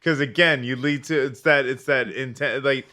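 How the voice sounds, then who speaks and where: Profane, excitable podcast host with a bright voice. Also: male voice, moderate pace. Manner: profane, excitable, trailing off into low asides. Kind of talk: casual chat.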